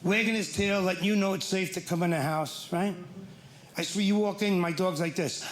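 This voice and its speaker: A man's voice: high-pitched, fairly even intonation, moderate pace. A man doing a stand-up comedy set, telling wry, mock-exasperated stories about marriage and family. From Ireland. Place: comedy club stage. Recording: echoey stage with loud crowd noise.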